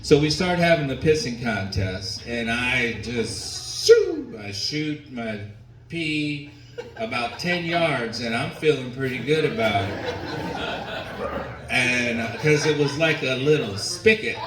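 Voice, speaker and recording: A man doing a stand-up set, telling stories slowly and deliberately, pausing for the crowd's laughter. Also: mid-range voice, very animated. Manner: slow, deliberate storytelling with pauses for audience laughter. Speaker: stand-up comedian. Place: comedy venue with a live audience. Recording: echoey room recorded from a distance, noisy. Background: audience laughter and room ambience.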